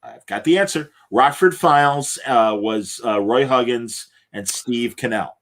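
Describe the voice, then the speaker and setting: A man's voice: mid-range voice, measured pace, fairly bright tone. A man co-hosting a casual podcast, rambling through film and TV trivia with many restarts and corrections. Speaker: podcast co-host.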